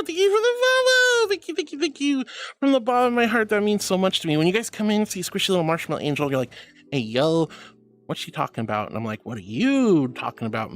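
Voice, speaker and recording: Reading her livestream chat aloud from a VR stream setup, this woman dotes on her viewers with bubbly, squealing greetings. Everyone gets called honey or sweetie in her warm, affectionate way.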